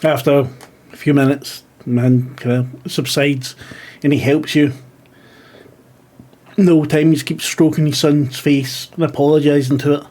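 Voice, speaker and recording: A man narrating a tabletop role-playing game as game master. His narration is plain and steady, and his voice sits a little high. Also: moderate pace.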